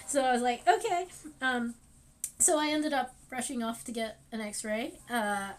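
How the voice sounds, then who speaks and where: A woman's voice: high-pitched, animated, moderate pace. A young woman streamer telling a story in casual live chat, rambling with lots of fillers and bursts of laughter.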